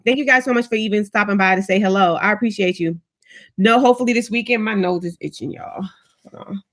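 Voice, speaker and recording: A woman's voice: medium pitch, a bit bright. A woman hosting a casual live stream, chatting upbeat and greeting viewers one by one by name.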